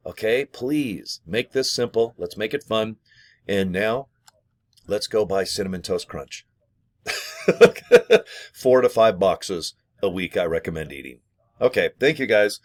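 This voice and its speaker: A man talking to camera in a jokey, rambling way while pitching an affiliate program from his small home studio. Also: animated, a little slow. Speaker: vlogger promoting an affiliate program. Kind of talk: casual rambling sales talk to camera.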